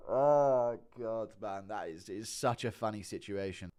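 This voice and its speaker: A man's voice: fairly low pitch, expressive, slow pace, a little mellow. A man doing casual live-stream commentary, swearing often, laughing a lot and talking to his chat. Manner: giggly, profane, talks to chat.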